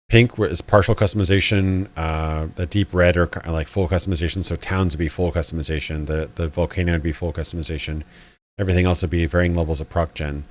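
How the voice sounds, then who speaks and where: Man, very low pitch, casual live commentary, rambling, restarts. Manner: rambling, many fillers and restarts, laughs. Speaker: channel host.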